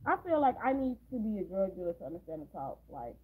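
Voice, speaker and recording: Lady doing a casual movie recap, sarcastic asides, kinda husky, sounds like a phone line. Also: medium pitch, big pitch swings, quick pace. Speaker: movie reaction host.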